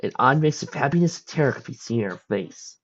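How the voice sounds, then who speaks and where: A man reads fan fiction aloud with a husky voice and a lively rise and fall in his pitch. His reading is plain, with some slips, on a dull, lo-fi recording. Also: fast. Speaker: audiobook reader.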